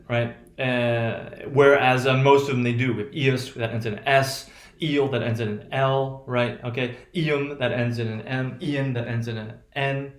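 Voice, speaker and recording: Halting male teacher in echoey room. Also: mid-range voice. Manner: halting, many restarts and tag "right?". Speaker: pronunciation teacher. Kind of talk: recorded classroom lecture.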